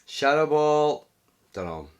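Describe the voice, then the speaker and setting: A man giving live gameplay commentary, excitable, cursing at setbacks and cheering his wins. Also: fairly high pitch, slow pace, lo-fi sound. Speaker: gaming commentator.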